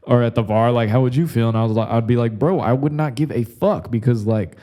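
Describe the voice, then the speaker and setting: A young man rambles through a podcast monologue, swearing freely and leaning on "like" and "bro." His voice sits warm and mellow rather than bright. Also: mid-range voice, brisk. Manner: rambling, crude, says "like" and "bro" constantly. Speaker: podcast host. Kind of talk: casual comedic monologue.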